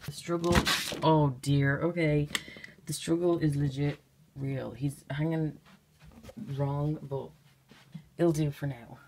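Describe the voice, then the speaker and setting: Low, gravelly woman vlogging. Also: fairly even intonation, slow pace, long pauses, background noise. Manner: rambling, offhand, sarcastic asides. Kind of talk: casual vlog chat. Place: her bedroom, indoors. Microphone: handheld camera.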